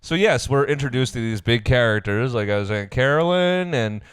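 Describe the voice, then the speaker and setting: A laid-back man co-hosting a podcast. His voice is smooth and resonant, recorded close and dry. He chats easily and laughs often. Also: mid-range voice, animated, moderate pace, no echo. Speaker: podcast co-host. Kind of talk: casual chat recapping a reality show.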